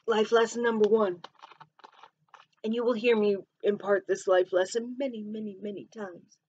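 A woman's voice: mid-range voice, steady tone, moderate pace, a little mellow, husky, highs cut off. Chatty woman, Southern-Midwestern mixed accent. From Michigan, USA. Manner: chatty, wanders off on tangents. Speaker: podcast host. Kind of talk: casual solo podcast monologue.

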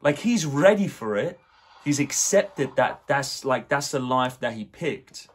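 A young man hosting a casual movie reaction, excitable and swearing, with lots of "like" fillers. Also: mid-range voice, unhurried, slightly rough.

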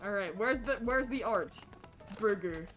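Woman gaming streamer, sharp bright tone, casual commentary, loud confused outbursts. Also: medium pitch, lively intonation, unhurried, faint music behind. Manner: frustrated, confused shouting between mutters. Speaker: game streamer.

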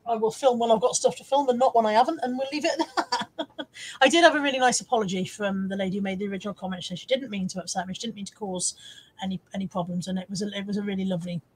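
A woman's voice: medium pitch, steady tone, very fast, a little mellow, breathy edge, rough recording. A woman hosting a casual live stream, chatting and laughing as she reads out viewer comments. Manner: chatty, self-mocking, laughs often. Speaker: live-stream host reselling on eBay.

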